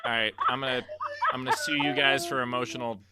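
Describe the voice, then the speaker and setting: A man's voice: medium pitch, fairly even intonation, brisk, very noisy. A man co-hosting a casual comedy show over a video call, reading out viewer tips and messages with self-mocking jokes. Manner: joking, self-mocking, reads donor messages aloud.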